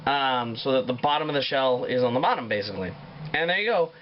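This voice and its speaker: A man's voice: mid-range voice, expressive, fast talker, muffled recording, a little hiss or hum. A man hosting a casual home cooking show, swearing and joking as he talks. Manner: profane, joking, rambling. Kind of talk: casual cooking demo with crude jokes. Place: home kitchen.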